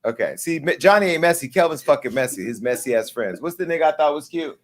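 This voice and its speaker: A man in his forties hosting a live talk show, telling a story in a casual, profane way and acting out the dialogue with lively jumps in pitch. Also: quick pace. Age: 40s. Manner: animated, acts out quoted dialogue with pitch jumps.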